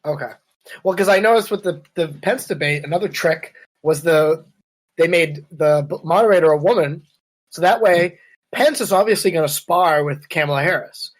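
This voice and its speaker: A podcast co-host whose voice runs on the high side talks at a moderate pace over a webcam. He chats about politics in a sarcastic, riffing way, slipping into quoted voices.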